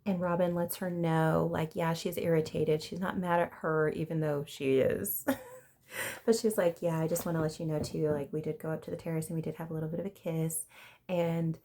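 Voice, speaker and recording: Chatty woman with a gravelly low voice. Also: level tone, a little fast, dark tone. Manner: chatty, gossipy, acts out quotes with laughs. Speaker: reality TV reviewer. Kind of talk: casual recap chat.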